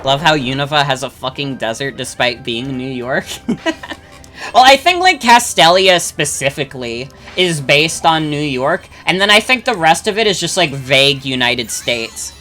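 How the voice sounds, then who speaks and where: A young adult streamer chats casually through a game session, rambling loosely with lots of fillers, swearing freely, and reading and answering chat. The medium-pitched voice is bright, forward, and animated at a normal speed, with game music faintly underneath.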